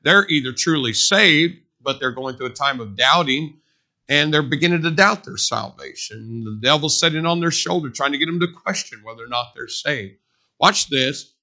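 A man's voice: a little high, normal speed, pushed and bright. A man preaching a sermon in a conversational, storytelling way, stressing points by repeating them. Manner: conversational storytelling with emphatic repetition.

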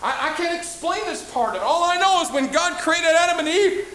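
Brief: fervent male preacher, repetitive and dramatic, very high pitched, echoey hall. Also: expressive, brisk, few pauses. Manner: impassioned, repetitive, swings loud and soft. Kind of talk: sermon.

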